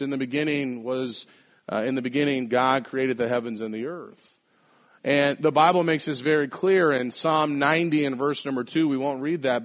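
A man preaching a sermon to a congregation in measured, emphatic phrases, slowing down to stress key words. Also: a little high, fairly bright tone. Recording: dull lo-fi sound.

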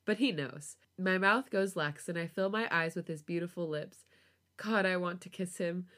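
A woman reading a romance story aloud on a podcast, with a relaxed storytelling voice. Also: lowish voice, normal speed. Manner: laughs often, giggly reactions. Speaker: podcast host reading fan fiction aloud.

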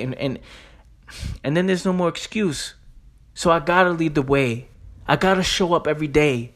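New guy going off on his podcast, slangy and intense, kinda high voice. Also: brisk, fairly bright tone. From New York. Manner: emphatic, street slang, repeats phrases. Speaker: podcast host. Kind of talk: motivational podcast monologue.

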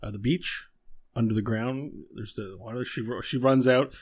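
A man narrating as game master of a tabletop game, telling the scene with animated energy and frequent laughter. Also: mid-range voice, moderate pace, husky. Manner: animated storytelling, laughs often.

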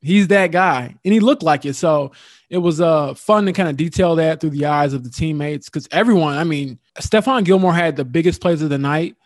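Animated male sports reporter, higher-pitched, dry close sound. Podcast chat. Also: a little fast, no echo. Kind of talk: casual sports talk.

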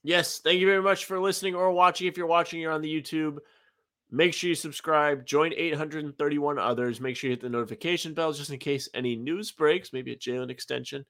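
A man's voice: on the high side, fairly even intonation, brisk, fairly bright tone. A man co-hosting a sports podcast in casual chat, laid-back with dry jokes and reading the outro plugs. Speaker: podcast co-host.

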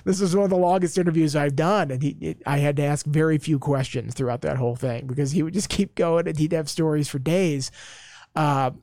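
A man talking casually on a podcast as a sports reporter, telling stories with quick asides. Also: fairly high pitch, fairly even intonation, darkish tone, no echo, studio quality. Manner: chatty storyteller, quick asides.

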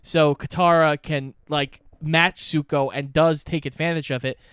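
Smooth-voiced man explaining plot details. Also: fairly high pitch, steady tone, unhurried, fairly bright tone, no echo, clean studio sound. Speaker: podcast co-host. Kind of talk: casual chat recapping a cartoon.

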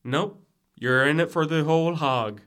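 A man's voice: fairly high pitch, measured pace, fairly bright tone, slight background noise. A young man acting a sarcastic frat brother in a college audio drama, with dry quips. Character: wry young male frat brother Jimmy. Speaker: student actor in audio drama.

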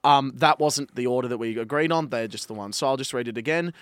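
A man's voice: mid-range voice, fast talker, no room sound, clean studio sound. Man giving a sweary mock pep talk. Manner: mock-aggressive motivational speech with swearing. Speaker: podcast guest. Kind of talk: casual chat.

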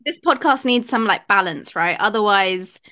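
A woman's voice: mid-range voice, expressive, normal speed, bright, forceful tone. A woman from India co-hosting a casual podcast, enthusiastic and opinionated. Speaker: podcast co-host.

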